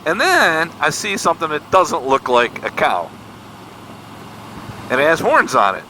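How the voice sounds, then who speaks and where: A man's voice: fairly high pitch, unhurried, rough recording. Folksy older man telling a story on a motorbike. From Michigan, USA. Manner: folksy, self-deprecating, animated retelling of dialogue. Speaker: motorcycle vlogger. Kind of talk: casual storytelling while riding. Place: outdoors on a motorcycle on country roads. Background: faint road and vehicle noise.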